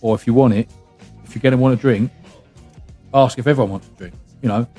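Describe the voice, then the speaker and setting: A middle-aged man talks fast and bluntly, swearing freely as he tells family stories. His pitch sits in the normal range for a man. Faint music plays under the chat. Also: warm tone, husky. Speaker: podcast host. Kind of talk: casual chat.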